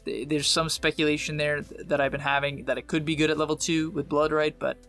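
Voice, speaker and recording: A young man in a casual, confident gameplay guide, giving quick, emphatic advice with slang. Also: fairly high pitch, little pitch movement, a bit bright, soft background music. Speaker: game guide presenter.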